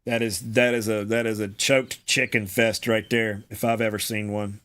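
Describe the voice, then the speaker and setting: A man's voice: on the low side, level tone, moderate pace, fairly bright tone. Exasperated man commenting on his game. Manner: exasperated, groaning, repeats himself, swears. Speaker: gaming streamer. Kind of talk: casual gameplay commentary.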